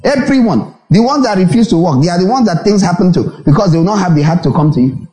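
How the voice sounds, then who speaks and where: A man's voice: sits high, fast. A Nigerian man preaching a sermon as pastor, repeating phrases and acting out little dialogues. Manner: animated preaching with repetition and acted-out dialogues. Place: church hall. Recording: echoey reverberant church hall.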